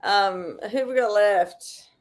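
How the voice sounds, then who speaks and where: A woman's voice: medium pitch, slow. A woman guesting on a podcast, chatting casually and hesitantly. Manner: hesitant, filler-heavy. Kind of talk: casual chat.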